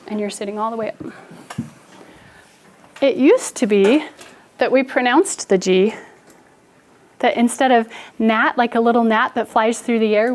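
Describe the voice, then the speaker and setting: A woman teacher giving a phonics lesson in a classroom, speaking slowly and enunciating every sound deliberately. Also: medium pitch.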